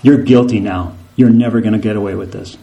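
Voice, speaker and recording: A man's voice: lowish voice, fairly even intonation, fairly quick, vocal fry, dark tone, roomy sound, highs cut off, pitched below the performer's own voice. A man voicing a scornful male devil who mocks and accuses in a sneering way. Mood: menacing.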